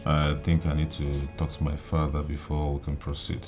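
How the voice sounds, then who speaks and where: Very deep-voiced deferential suitor. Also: male voice, completely flat delivery. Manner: deferential, measured. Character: polite cautious man courting a princess. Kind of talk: film drama acting. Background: film score music.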